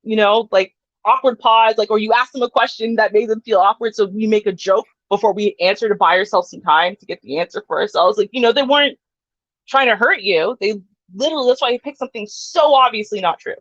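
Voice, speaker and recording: A woman's voice: mid-range voice, brisk, a bit bright, no room sound, muffled recording. A woman co-hosting a livestream, chatty, filling her talk with "like" and "right?". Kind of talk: casual chat.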